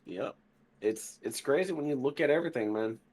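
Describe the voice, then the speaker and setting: A man who is a guest on a gaming podcast, talking in a relaxed, chatty way with lots of fillers. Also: medium pitch, a little fast. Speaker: podcast guest, military veteran. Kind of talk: casual gaming podcast chat.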